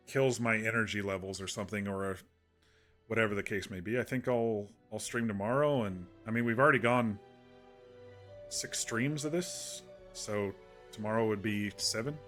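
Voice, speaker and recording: A man's voice: fairly low pitch, a bit bright. A man streaming a game, chatting casually to viewers in a soothing, rambling way with many restarts.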